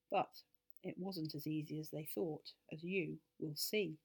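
A woman reading a children's story aloud with expressive delivery. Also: on the low side, moderate pace, breathy edge.

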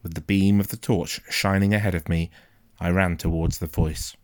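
A man reads a first-person storybook aloud in a quiet, measured, suspenseful manner. His voice is very low. The recording is close and dry, with no room sound. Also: fairly even intonation, no echo. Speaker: audiobook narrator.

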